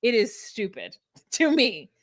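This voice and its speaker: A young woman with a higher voice chats casually as a co-host, recapping a show. She laughs often and acts out quotes with animation. The sound is close and dry. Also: sing-song, measured pace, no echo. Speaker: podcast co-host.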